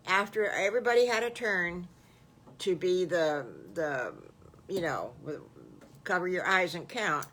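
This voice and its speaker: An older woman, a great-grandmother, improvising a children's story in a gentle, folksy, homespun way. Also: fairly low pitch.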